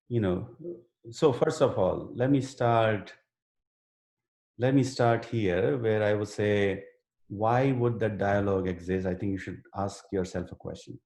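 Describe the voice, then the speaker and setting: A man's voice: on the low side, a little slow, darkish tone, reverberant. A man teaching a live online writing workshop and answering student questions earnestly, with many fillers and restarts. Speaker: writing instructor. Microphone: video call.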